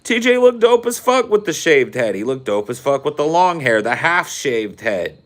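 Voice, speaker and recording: A man's voice: a little high, big pitch swings, moderate pace, a bit bright. A man hosting a podcast, telling a rambling, profane story in casual chat. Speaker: podcast host.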